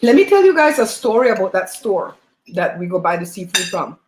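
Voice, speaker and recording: Woman host, chatty livestream storyteller, middle pitch, roomy laptop sound. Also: sing-song, fairly quick, a little hiss or hum. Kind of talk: casual chat while eating on a livestream. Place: home. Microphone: laptop mic. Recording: roomy home room on laptop mic.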